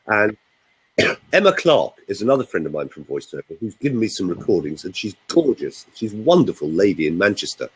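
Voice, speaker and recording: An older man, a voice coach, chatting in a casual webinar and telling animated stories. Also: fairly low pitch, fairly quick, slight background noise, low-quality recording.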